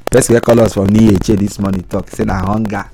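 A man with a Nigerian accent hosting a call-in radio show, talking in a lively, teasing way and drawing out key words. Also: lowish voice, fast talker, a little hiss or hum, poor audio.

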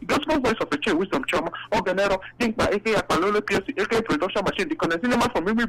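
Nigerian man, radio caller, fast and animated, phone line with music behind. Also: high-pitched. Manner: rattles off long lists of names in pidgin.

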